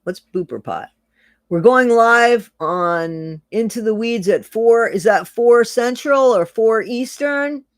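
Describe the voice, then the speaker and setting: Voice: medium pitch, animated, takes it slowly, dry recording, clean studio sound. Chatty livestream host. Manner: chatty, rambling, laughs often, repeats phrases. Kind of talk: casual livestream chat reading viewer comments.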